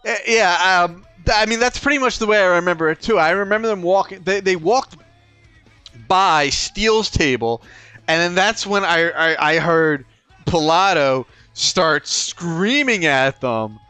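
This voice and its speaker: A man's voice: high voice, measured pace, bright, forceful tone, clear, resonant tone, no echo, faint music behind. A man co-hosting a podcast, telling stories in casual chat, swearing now and then and restarting his sentences. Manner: storytelling, profane, many restarts. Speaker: podcast co-host.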